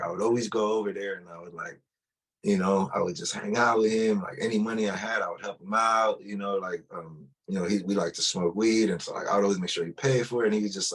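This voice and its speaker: A man's voice: low voice, husky. A man telling his personal testimony in a loose, conversational way, often restarting and filling with "like". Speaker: testimony speaker.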